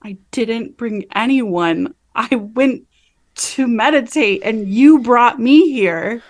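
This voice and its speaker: A woman voicing a devoted woman who gently calms her frightened lover with soft, earnest reassurance. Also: a little high, slow pace, no echo, pitched above the performer's own voice. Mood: soothing.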